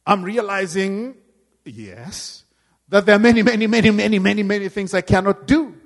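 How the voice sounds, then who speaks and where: A man preaching a sermon with great dynamic swings, dropping to hushed tones and rising to loud cries. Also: fairly high pitch. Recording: long hall reverb.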